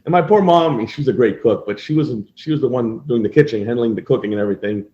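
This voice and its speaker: A man hosting a podcast, talking in a relaxed, rambling way with lots of "you know." His voice sits mid-pitch in an echoey room on a dull, lo-fi recording. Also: fast talker. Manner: relaxed storytelling with fillers. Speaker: podcast host, assisted living operator. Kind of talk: casual interview chat.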